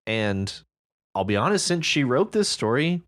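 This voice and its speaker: A man co-hosting a podcast, talking through a story in a thoughtful, measured way. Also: mid-range voice, very animated, a bit bright. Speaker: podcast co-host. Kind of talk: casual discussion of a story.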